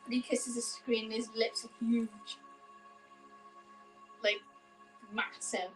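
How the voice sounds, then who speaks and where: A woman's voice: a little high, little pitch movement, slow pace, fairly bright tone, soft background music, low-quality recording. A woman with a Yorkshire accent, co-hosting a live sale with playful, jokey banter. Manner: playful, jokey, says "mate" a lot. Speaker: co-host. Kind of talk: casual live-stream banter.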